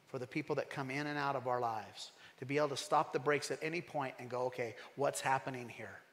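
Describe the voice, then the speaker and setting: Male pastor preaching in a reverberant hall. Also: on the high side. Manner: animated, emphatic, asks the congregation questions. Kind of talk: sermon.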